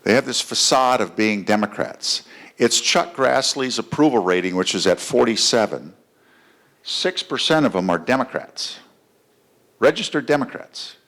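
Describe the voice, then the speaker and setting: A man's voice: mid-range voice, animated, normal speed, fairly bright tone. A man running for office, speaking at a fundraiser in a conversational way, telling stories with frequent fillers. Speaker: political candidate. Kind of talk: campaign speech at a fundraiser. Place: fundraiser gathering.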